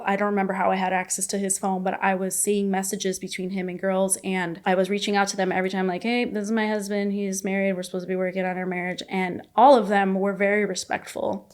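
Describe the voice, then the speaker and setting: Young woman guest, candid confessional storytelling, loose with fillers. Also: medium pitch. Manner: rapid, emotional retelling with many fillers and quoted dialogue. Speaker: podcast guest.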